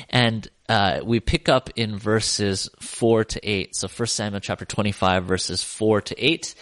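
A man preaches in an easy, conversational way, retelling a Bible story with plenty of fillers and wry asides. His voice sits low. The sound is close and dry, with no room echo. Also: fairly bright tone.

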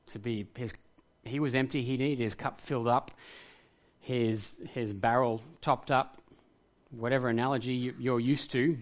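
Earnest man preaching a sermon. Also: medium pitch. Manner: earnest, reflective, rises to passionate emphasis. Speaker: pastor.

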